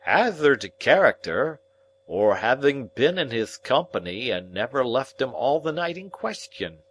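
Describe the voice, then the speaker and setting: A man voicing a sniffling, slow-talking hired go-between with a stuffy head-cold voice and clipped, dropped consonants, in an audiobook. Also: mid-range voice, sing-song, a bit bright, breathy edge, voice pushed up, exaggerated voice. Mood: nervous. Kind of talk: audiobook character reading.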